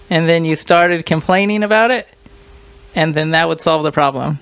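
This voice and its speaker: A woman co-hosting a casual podcast, teasing and arguing with deadpan questions. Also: sits low, moderate pace, vocal fry, clear, resonant tone, no echo. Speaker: podcast co-host. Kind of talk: casual chat.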